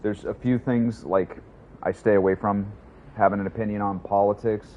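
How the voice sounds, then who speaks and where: A deep-voiced man streams a game and rambles to his viewers in a casual, profane way. His mic sounds slightly dull, and a faint hiss sits underneath. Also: steady tone, moderate pace, darkish tone. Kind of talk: casual livestream gaming commentary.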